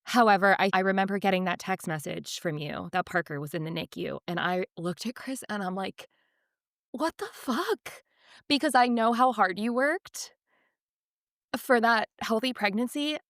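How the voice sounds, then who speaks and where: A woman's voice: medium pitch, moderate pace, a bit bright, no room sound, studio quality. A young woman hosting a casual podcast, earnest and emotional in her speech and blunt with her words. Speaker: podcast host.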